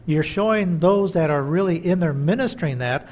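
A man's voice: fairly high pitch, moderate pace, a little mellow, muffled recording. An older man hosting a faith interview who reflects on scripture in a preachy, musing way. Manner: reflective, preachy, backchannels with "hmm" and "amen". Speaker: interview host.

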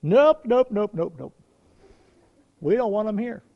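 A man's voice: high voice, animated, unhurried, creaky, pitched above the performer's own voice, exaggerated voice. A man voicing a stern, demanding male church board member, on a dull lo-fi recording. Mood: dismissive. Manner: demanding, insistent.

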